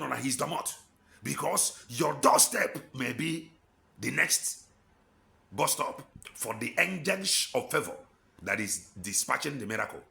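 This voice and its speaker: A man's voice: a little high, creaky, pushed and bright. A man with an Igbo Nigerian accent preaching an impassioned sermon, exhorting with rhetorical questions and slipping in and out of Igbo.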